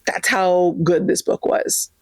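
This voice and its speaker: A woman's voice: fairly low pitch, flat delivery, takes it slowly, a little mellow, no echo. A young woman chatting casually to camera about books, gushing and full of fillers. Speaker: book vlogger.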